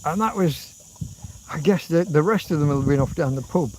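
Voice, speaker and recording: A man's voice: on the high side, fairly quick, a little mellow, slight background noise, low-quality recording. Rambling English man in his fifties. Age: 50s. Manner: rambling, swears casually, hums tunes. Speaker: livestream host. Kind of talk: rambling livestream chat.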